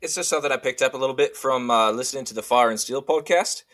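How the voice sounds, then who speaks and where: Brief: mid-pitched male co-host, hesitant, lots of uhs. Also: quick pace, a bit bright. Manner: hesitant, many fillers and restarts. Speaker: podcast co-host. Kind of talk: casual chat.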